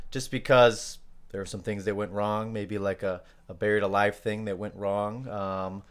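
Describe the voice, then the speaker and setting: A man chats on a podcast in a relaxed, unscripted way. His voice sits low and sounds smooth and clear. He hesitates often, filling gaps with ums as he checks his notes. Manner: hesitant, many fillers, loses his place. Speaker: podcast co-host. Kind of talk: casual podcast discussion.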